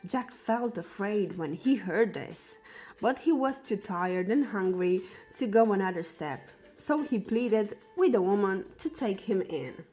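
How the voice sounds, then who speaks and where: A woman reads a children's fairy tale aloud at a very slow, careful pace. Her voice sits at an ordinary middle pitch. Soft music plays faintly behind her. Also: lively intonation. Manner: slow, deliberate storybook reading. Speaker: storyteller.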